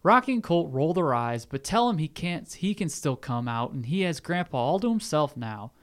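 A man's voice: on the high side, very animated, normal speed. A man hosting a casual podcast, reading out a movie plot summary with jokey asides. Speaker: podcast host. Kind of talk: casual movie recap chat.

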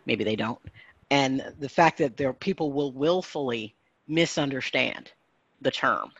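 A man speaking earnestly and in measured phrases in a panel discussion, often restarting his sentences. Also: medium pitch, fairly bright tone, slightly rough, dry recording. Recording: dull lo-fi audio.

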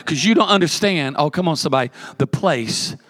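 A man's voice: fairly high pitch, animated, a little fast, a bit bright. A man preaching a sermon as pastor, telling a story with humor and building repeated emphatic lists.

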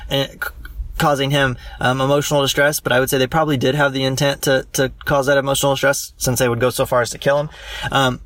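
A young man, a law student, working through a practice legal analysis out loud, with many ums and restarts. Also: medium pitch, no room sound, far from the mic.

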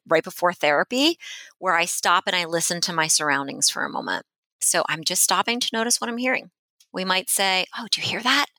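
A woman's voice: on the low side, pushed and bright, no room sound, rough recording. A woman speech-language pathologist, a podcast guest, talks through simple exercises in a friendly, instructive way and often checks in with "right?". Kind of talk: conversational podcast guidance.

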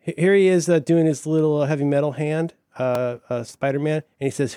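A man's voice: a little high, fairly even intonation, brisk, warm tone, clean tone, no echo, clean studio sound. A middle-aged man chatting casually as a podcast co-host, enthusiastic and rambling, full of fillers and restarts. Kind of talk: casual chat.

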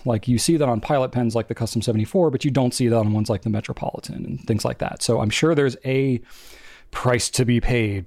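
A young man co-hosting a podcast in casual chat, talking in chatty, rambling runs with quick asides. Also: medium pitch, creaky, a little mellow, no echo, studio quality. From family from New England. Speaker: podcast co-host.

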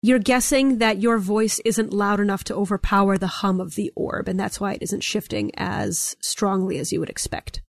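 A woman's voice: medium pitch, steady tone, normal speed, vocal fry, hardly any pauses, no room sound. A young woman runs a tabletop game, walking the players through each scene in loose, descriptive detail. Her voice sits mid-range and is recorded dry and close. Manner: descriptive, hedging with "like" and "kind of". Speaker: game master.

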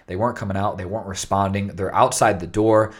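Low-voiced man explaining casually. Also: fairly even intonation, fast talker. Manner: rambling explainer, many fillers and restarts. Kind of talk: casual chat.

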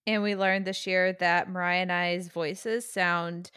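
A woman's voice: lowish voice, fairly even intonation, a little slow, a bit bright, clear, resonant tone, no room sound, clean studio sound. A young woman co-hosting a podcast, chatting casually with many "like" fillers over a remote recording. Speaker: podcast co-host. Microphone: remote call, home mic.

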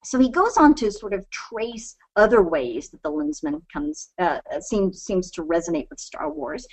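A woman's voice: mid-range voice, big pitch swings, normal speed, few pauses, poor audio. A woman giving a lecture, thinking aloud with many fillers and restarts. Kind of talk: lecture talk.

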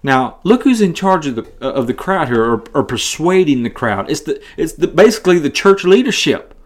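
A man's voice: fairly high pitch, very animated, brisk. A man giving a casual Bible study talk as a podcast teacher, earnest and conversational, often restarting his sentences.

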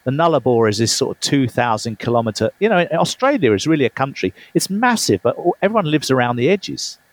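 A man's voice: medium pitch, big pitch swings, a little fast, no room sound. A man being interviewed about his book, telling chatty travel stories with frequent laughter. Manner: chatty, laughs often, restarts mid-phrase. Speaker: guest, author. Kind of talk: storytelling interview.

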